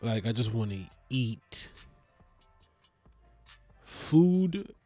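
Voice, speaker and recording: A man's voice: medium pitch, animated, extremely slow, mellow, soft background music. A man talking casually in a comedic vlog monologue, rambling and swearing as he jokes. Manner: rambling, profane, joking.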